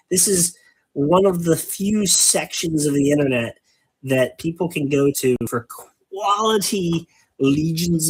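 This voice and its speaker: A man hosting a laid-back painting stream, chatting on and on and poking fun at himself. His voice is husky and sits at an ordinary male pitch. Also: rough recording. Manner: wordy, rambling, self-mocking. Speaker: host. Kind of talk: casual chat while painting miniatures.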